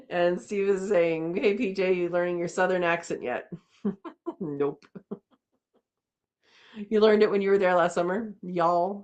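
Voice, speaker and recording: Chatty woman hosting a home livestream. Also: on the low side. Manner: chatty, laughs often, reads viewer comments aloud. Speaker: host of a live chat. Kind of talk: casual livestream chat reading comments. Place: home, indoors.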